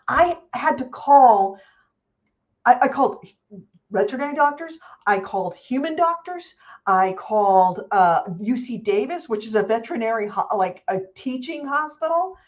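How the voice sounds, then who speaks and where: A woman co-hosting a casual chat show, telling stories in an animated, swearing, easygoing way. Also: sits high, lo-fi sound. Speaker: podcast co-host.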